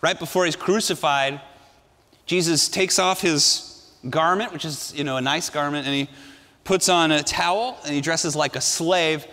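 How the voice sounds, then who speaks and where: A male pastor preaching a sermon with emphatic delivery, dropping to a hush and then rising to ringing emphasis. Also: a little high, moderate pace, big-room sound. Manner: emphatic, swinging between hushed and ringing delivery.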